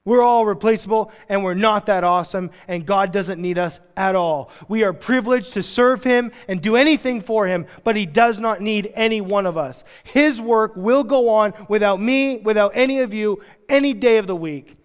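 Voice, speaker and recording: A man's voice: high-pitched, normal speed, few pauses, clear, resonant tone, big-room sound. A male pastor preaching a sermon in a casual, joking manner, full of slangy asides. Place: church.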